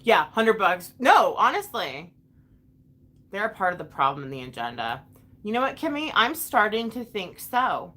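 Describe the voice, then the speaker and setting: A woman's voice: mid-range voice, sing-song, normal speed, bright, forceful tone. A young woman and mother venting frankly to her live chat, emotional and swearing often as she restarts her sentences. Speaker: vlogger and mother.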